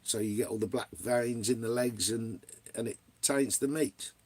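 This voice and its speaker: A man's voice: mid-range voice, moderate pace, darkish tone, breathy edge. A middle-aged English man chatting casually on a livestream, answering viewers in a blunt, rambling way and swearing a lot. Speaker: vlogger.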